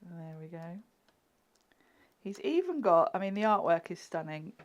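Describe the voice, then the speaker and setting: Woman, lowish voice, chatty live craft demo, giggles and murmurs while working. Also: big pitch swings, measured pace, highs cut off. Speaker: craft demonstrator.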